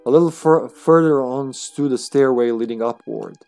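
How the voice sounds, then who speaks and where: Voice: medium pitch, normal speed, darkish tone, soft background music. A streamer reading a text adventure aloud on a live stream, laid-back and casual, with the odd swear.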